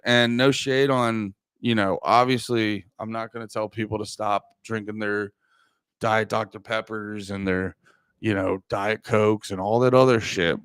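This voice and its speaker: A man hosting a comedy podcast, rambling crudely and jokingly, sometimes mocking people in a high put-on voice. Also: clear, resonant tone, dry recording, studio quality. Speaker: podcast host. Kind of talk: casual comedic podcast rant.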